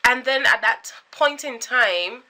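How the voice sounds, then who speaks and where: A young woman in her twenties with a Caribbean accent, chatting to camera in an animated, storytelling way. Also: a little high, slow. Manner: animated, chatty, full of filler likes and dramatic quoted reactions. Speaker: vlogger.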